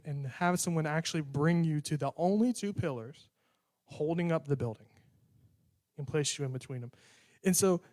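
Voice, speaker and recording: A man's voice: a little high, a little mellow. A young man preaching a sermon in a conversational way, acting out prayers and bits of dialogue.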